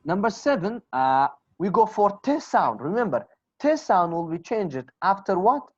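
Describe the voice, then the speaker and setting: A man's voice: high-pitched, very animated, moderate pace, slightly rough, dry recording. A man with a Kurdish accent teaching English pronunciation in an online class, patiently repeating example phrases. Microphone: video call. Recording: dull, dry video call audio.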